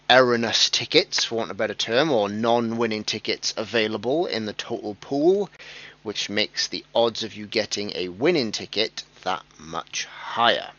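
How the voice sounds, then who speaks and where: A man's voice: lowish voice, pushed and bright. A British man hosting a live-streamed prize draw, chatty and self-mocking, laughing at his own jokes. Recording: dull lo-fi stream audio.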